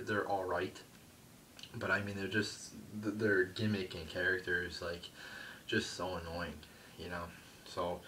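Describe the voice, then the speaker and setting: A man's voice: deep voice, pushed and bright, recorded from a distance, slight background noise, low-quality recording. A young man giving a profane, rambling review of a wrestling show, full of fillers and curses. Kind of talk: casual ranting review.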